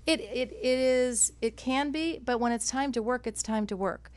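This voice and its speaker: A woman from Southern California, a dialogue coach, chatting as a guest on a radio talk show, bubbly and quick to laugh. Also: fairly high pitch, darkish tone. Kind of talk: radio interview.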